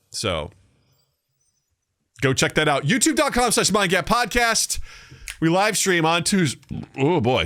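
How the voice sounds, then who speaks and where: A man co-hosting a podcast in loose, joking conversation. His pitch swings widely from line to line, and he often lets sentences fade into a quiet mumble. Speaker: podcast co-host. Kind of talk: casual chat.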